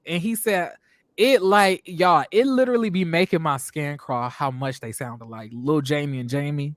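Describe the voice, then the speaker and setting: A man hosting a casual review show, talking in an animated, emphatic way and acting out what people on the show said. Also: fairly high pitch, moderate pace, no echo, studio quality. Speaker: show host reviewing reality TV. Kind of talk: casual commentary.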